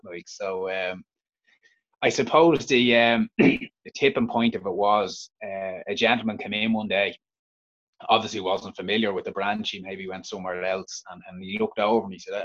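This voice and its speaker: A man with a Dublin Irish accent, an interview guest telling his own story frankly, halting and restarting often. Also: on the low side, fairly even intonation, a bit bright, dull audio. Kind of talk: candid personal storytelling.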